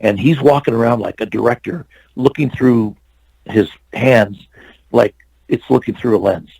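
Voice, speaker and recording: Gravelly older man telling a story. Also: medium pitch, a little slow, no room sound, poor audio. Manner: lively anecdotal storyteller. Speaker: actor and stuntman guest. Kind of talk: storytelling interview.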